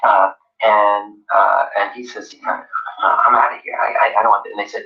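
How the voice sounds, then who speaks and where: A man's voice: on the low side, flat delivery, normal speed, creaky, bright, forceful tone. A man being interviewed, earnestly recounting what happened and acting out what others said. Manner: reflective, earnest, acts out quotes. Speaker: interviewee, researcher recounting events. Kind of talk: interview recollection. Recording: roomy, dull, from a distance.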